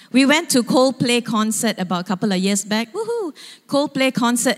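A woman pastor preaching a sermon as she retells a story with animated storytelling. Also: a little high. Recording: long hall reverb.

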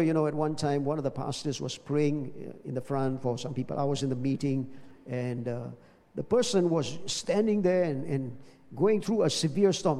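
A man preaches a sermon, often pausing to ask his congregation rhetorical questions. His voice sits high, with a mellow, relaxed tone. A long reverb trails each phrase around the hall. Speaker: pastor.

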